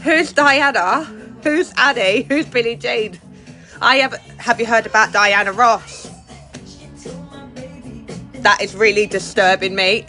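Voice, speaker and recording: A woman's voice: a little high, sharp tone. A middle-aged woman, chatting and gossiping with viewers on a livestream from outdoors, greeting them by name. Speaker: livestream host. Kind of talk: casual chat to viewers. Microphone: phone.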